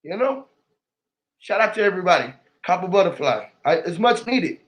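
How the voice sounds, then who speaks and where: A man talking to camera in a rambling, emotional monologue, swearing often and swinging between loud outbursts and low mutters. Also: very animated, moderate pace, dull audio. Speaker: vlogger.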